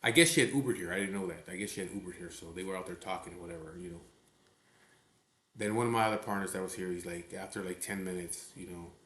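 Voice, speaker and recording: A man with a low voice tells a story in a blunt, profane, casual way, often checking in with his listener. He speaks from a garage hangout, and the room gives his voice a noticeable echo. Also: quick pace, fairly bright tone. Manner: blunt, profane, keeps saying "you know what I mean". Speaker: biker club member telling a story. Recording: echoey room.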